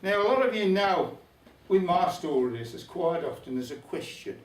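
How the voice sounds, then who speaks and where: Older Black Country male storyteller, wry and chatty; high, animated voice in a roomy hall, distant mic. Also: normal speed. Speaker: folk club storyteller. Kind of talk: humorous storytelling to a live audience. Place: folk club room.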